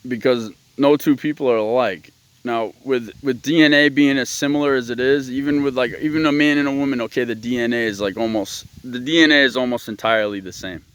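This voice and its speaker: A man's voice: medium pitch, a little fast, fairly bright tone, clean tone, no room sound. A man hosting his own show, ranting in a blunt, profane, rambling monologue. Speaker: host.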